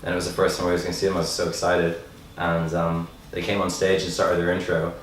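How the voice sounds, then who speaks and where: A man's voice: sits low, fast talker. A man in a band telling stories with lots of swearing in a casual interview. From Isle of Man. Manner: swearing, animated storyteller. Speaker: band member. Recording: echoey room, voice from mic distance, faint noise.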